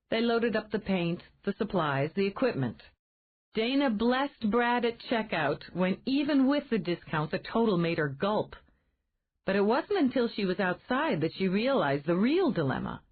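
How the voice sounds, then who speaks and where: A woman reading a romance novel aloud in measured scripted narration. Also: mid-range voice, sing-song. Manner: measured storytelling. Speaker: audiobook narrator. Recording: tinny phone-like band.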